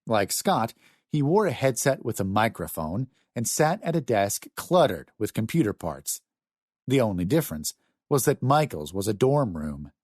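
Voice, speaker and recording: A man narrating a novel as an audiobook, reading in an expressive storytelling manner. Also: fairly low pitch, moderate pace, no echo, clean studio sound.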